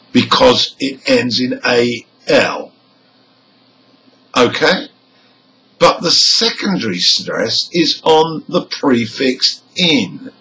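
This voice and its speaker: Male teacher, slow and deliberate, lively intonation, crisp over-enunciated examples. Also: medium pitch, low-quality recording. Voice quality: careful, over-enunciated delivery of example words. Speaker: English pronunciation teacher. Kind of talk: slow, deliberate lesson explanation.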